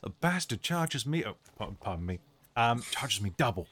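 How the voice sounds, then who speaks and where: A man's voice: mid-range voice, sing-song, moderate pace, fairly bright tone, slightly rough. A man voicing a chatty working-class male cab driver who rambles and stumbles over names. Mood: chummy.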